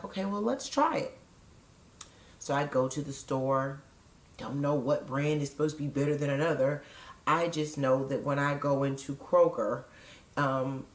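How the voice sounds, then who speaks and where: Woman, low register, casual confessional vlogger, digressive and blunt, roomy echo. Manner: frank, digressive, joking asides. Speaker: vlogger sharing weight-loss surgery experience. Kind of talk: casual chatty vlog.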